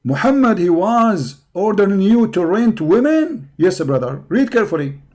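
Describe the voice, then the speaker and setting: Guy ranting on a livestream, voice worn out and hoarse, taunting and mocking, kinda higher pitched. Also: sing-song, moderate pace, a little mellow. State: hoarse from hours of talking. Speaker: live-stream host. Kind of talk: combative live-stream rant.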